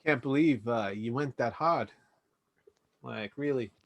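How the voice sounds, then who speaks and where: Game master, male, casual and jokey, mid-pitched, dry close mic. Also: unhurried, no echo. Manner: loose, laughing, voices several characters. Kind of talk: narrating a tabletop game.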